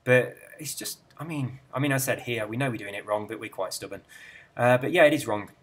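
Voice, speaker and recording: A man's voice: mid-range voice, brisk, fairly bright tone. An Englishman with an English accent, a gaming channel host chatting casually and rambling through viewer comments in a friendly, self-deprecating way. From England.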